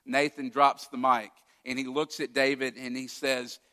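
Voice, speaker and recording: Bright-voiced preacher man in a reverberant hall. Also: mid-range voice, level tone, measured pace. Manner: storytelling preacher, acting out quoted lines. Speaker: pastor. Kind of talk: sermon.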